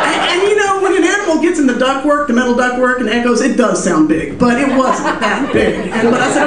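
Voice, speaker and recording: A woman's voice: high-pitched, expressive, a little slow, long pauses, distant mic, background noise. A chatty woman telling a personal story on stage at a small music venue, loose and self-amused with lots of fillers. Her voice reaches the mic from well back, washed in the room's echo, with a faint murmur of the place behind her. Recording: roomy live room heard from afar.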